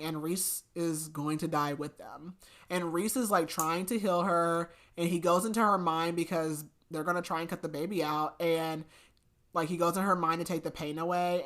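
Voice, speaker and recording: A woman's voice: low voice, a bit bright. A woman co-hosting a podcast, chatty, retelling a story with lots of filler words. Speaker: podcast co-host. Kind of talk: casual book recap chat.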